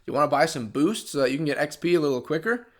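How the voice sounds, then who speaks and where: A man's voice: a little high, expressive, fast, a bit bright. A man hosting a gaming channel, ranting in an unscripted vlog, frustrated and sarcastic, and losing his voice. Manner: frustrated and sarcastic, with many restarts.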